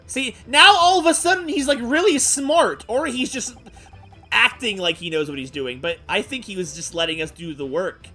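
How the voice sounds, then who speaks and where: Animated man streaming a game. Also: sits high, normal speed. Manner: animated, chatty asides. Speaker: streamer reading a game aloud. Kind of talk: live-stream game playthrough with commentary. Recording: faint game music behind.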